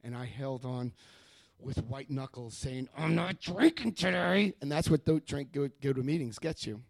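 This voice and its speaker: A man speaking at a recovery meeting, telling his own story to an audience in a lively, self-mocking way with jokes. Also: mid-range voice, normal speed, dry recording. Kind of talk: humorous personal storytelling to an audience.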